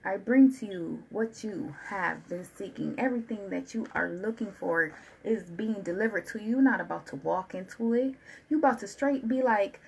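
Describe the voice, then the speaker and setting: A woman giving a channeled tarot reading, talking in an animated, colloquial way and repeating phrases in a preaching rhythm. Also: medium pitch, moderate pace, creaky, breathy edge, low-quality recording. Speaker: tarot reader.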